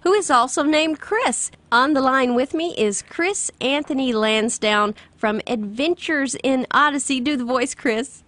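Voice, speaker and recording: A woman's voice: sits high, a little slow, hardly any pauses, a bit bright, no echo. A woman with a Southern accent from the Kentucky-Tennessee border, hosting a casual radio interview with lots of enthusiasm and laughter. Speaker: radio host.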